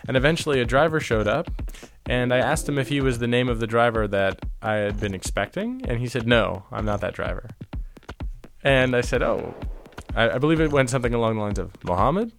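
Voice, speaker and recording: A man's voice: mid-range voice, quick pace, few pauses, faint music behind. A man telling a travel story as an interview guest, rambling with many fillers and restarts. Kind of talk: casual anecdote telling.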